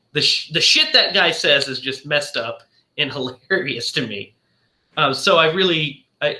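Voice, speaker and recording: A man hosts a casual movie podcast, recapping scenes in a rambling way and jumping into the characters' lines. His voice is bright and sharp, with a lively, bouncing pitch. The room around him sounds roomy and echoey. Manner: rambling recap, acting out quotes and laughing. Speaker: podcast host. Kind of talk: casual film discussion.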